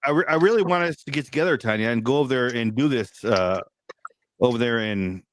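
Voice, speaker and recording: A man's voice: mid-range voice, fast talker. A man co-hosting a loose podcast chat, playful and given to swearing and repeating words. A faint hiss sits under his voice. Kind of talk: casual chat.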